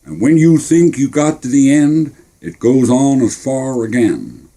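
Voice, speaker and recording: A man's voice: mid-range voice, expressive, unhurried, dark tone, pitched above the performer's own voice. A man voicing a boastful American soldier from Texas, a big drawling Texan with tall tales. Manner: bragging, drawling.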